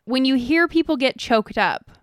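A woman co-hosting a podcast in casual chat, speaking in a measured, easygoing way with dry jokes. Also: high voice, lively intonation, smooth, dry recording. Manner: measured, easygoing, dryly joking. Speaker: podcast co-host.

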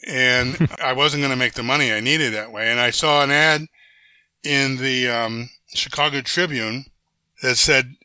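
In a conversational interview, an older guest tells a long personal story, his extremely bright, sharp-edged voice sitting at medium pitch and moving a little slowly with a clean tone. He acts out the voices of people he quotes and keeps restarting and correcting himself in a lively, animated way. The audio is close and dry, with no room around it and no echo.

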